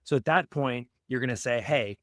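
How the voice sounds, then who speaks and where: A real estate wholesaling guest on a podcast walks through cold-calling step by step, upbeat and coaching, often checking in with "right?". He has a mid-range voice and a brisk pace. The recording is dry and studio quality.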